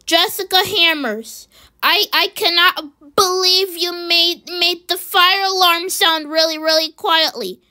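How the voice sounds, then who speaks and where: A woman's voice: extremely high pitch, fairly even intonation, takes it slowly, bright, forceful tone, exaggerated voice. A woman voicing an angry male school principal in a homemade cartoon, stammering as he scolds. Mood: stern.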